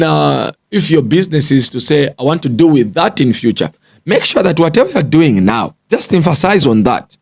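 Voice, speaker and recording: A man's voice: a little high, a little mellow. Man giving a lecturing business pep talk. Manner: lecturing, repeats points, checks in with "you get the point?". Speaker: business coach. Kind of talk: motivational business talk to camera.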